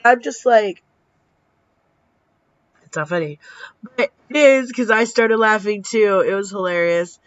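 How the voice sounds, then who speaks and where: Slow-talking woman in her thirties. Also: medium pitch, no echo. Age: 30s. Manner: animated, acts out quoted dialogue, swears casually. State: tired from little sleep. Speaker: vlogger. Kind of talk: casual storytelling vlog. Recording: dull lo-fi sound.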